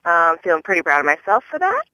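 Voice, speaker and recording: A woman's voice: wildly swooping pitch, fast talker, pushed and bright, dry recording, rough recording. A young woman from the US East Coast leaving a voicemail, telling an exasperated story about a stranger and her baby. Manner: exasperated, acts out the stranger in a high mocking voice. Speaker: caller leaving a voicemail rant.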